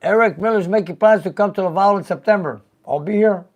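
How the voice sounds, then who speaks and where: An older man hosting a casual live-stream show, reading viewer comments aloud and chatting in an animated way. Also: high-pitched, fast talker. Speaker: show host.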